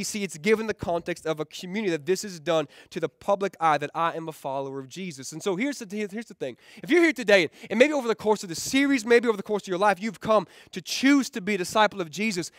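A man's voice: high-pitched, a bit bright, no room sound, clean studio sound. A man preaching a sermon as pastor in a casual, conversational way, often repeating words, asking "right?" and adding jokey asides. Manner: keeps checking in with the crowd with "right?"; joking asides. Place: rented event hall used for church.

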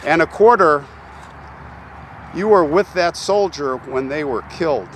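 A man's voice: on the high side, expressive, unhurried, fairly bright tone, slight background noise. A man hosting an on-location vlog at a military cemetery, speaking earnestly and reverently straight to his viewers. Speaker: channel host visiting a grave.

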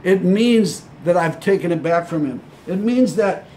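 A man's voice: high voice, expressive, a little slow, dark tone, slight background noise. A man preaching a sermon as pastor, earnest and emphatic, repeating his phrases and calling his listeners friends. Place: church.

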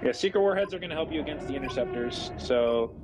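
A young man giving tactics to his team over casual voice chat, talking in halting bursts with many fillers and restarts. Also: medium pitch, lively intonation, loud music behind the voice, poor audio. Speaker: squadron leader and streamer.

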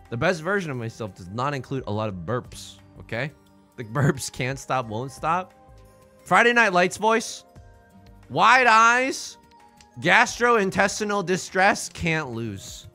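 A young man casually bantering on a livestream while playing mahjong, rambling and joking, with loud high outbursts. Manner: rambling, jokey, bursts into loud high bits. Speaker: streamer playing online mahjong.

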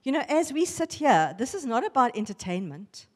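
A woman giving a lively testimony sermon to a women's church gathering, acting out the voices in her stories. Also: on the high side, moderate pace, in a large hall. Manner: animated storytelling, acting out voices. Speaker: women's ministry speaker. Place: church hall.

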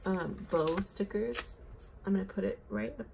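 In a chatty plan-with-me vlog, a young woman works on her planner while talking casually, bubbly and rambling, with frequent "like" and "oh my gosh." Her medium-pitched voice is gravelly and slightly mellow at normal speed, with a little background noise.

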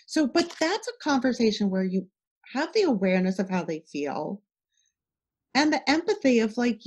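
Lively, animated woman guest. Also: a little high, moderate pace, slightly rough. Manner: animated, talks through examples with acted-out dialogue. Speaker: podcast guest, parenting educator. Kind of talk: casual podcast interview.

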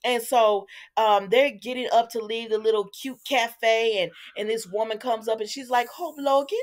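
A woman hosting a casual soap opera recap, chatting to her viewers in an animated, storytelling way. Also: fairly high pitch, normal speed. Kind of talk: casual commentary.

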